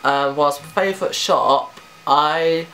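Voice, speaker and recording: A man's voice: fairly high pitch, bright, forceful tone, a little hiss or hum. Chatty teenage boy vlogging. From Britain. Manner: chatty and rambling, quick to giggle, casual swearing. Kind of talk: casual chat answering a tag questionnaire.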